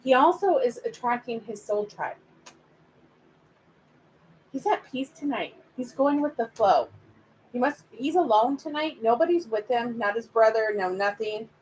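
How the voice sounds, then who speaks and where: A woman's voice: on the high side, expressive, unhurried, a little mellow, a little hiss or hum, low-quality recording. A woman giving live spiritual readings to viewers, chatty and affectionate, calling them by pet names. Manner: chatty, speaks straight to viewers. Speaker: spiritual reader. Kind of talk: live-streamed card reading.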